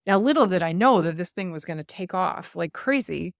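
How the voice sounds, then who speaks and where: A woman guest on an interview show, talking in an earnest, animated way and laughing now and then as she tells stories, heard over a video call. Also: lowish voice, brisk, vocal fry, no echo, clean studio sound. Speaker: guest speaker. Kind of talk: casual interview chat.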